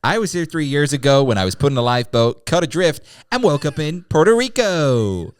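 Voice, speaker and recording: A man's voice: fairly high pitch, big pitch swings, brisk, clear, resonant tone, pitched above the performer's own voice. A man putting on the voice of a breezy celebrity woman on a cruise-ship show, bubbly and sing-song.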